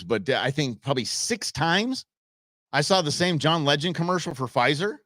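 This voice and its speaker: A man's voice: a little high, animated, brisk, fairly bright tone, no room sound, clean studio sound. Fired-up man in sarcastic political commentary. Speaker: political talk show host.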